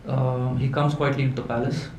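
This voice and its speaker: A man, telling folk tales to a live audience in a halting way, with many fillers and restarts. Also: mid-range voice, flat delivery, a little mellow. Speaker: storyteller. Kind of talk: live folklore storytelling. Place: event hall indoors. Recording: echoey room with faint hum.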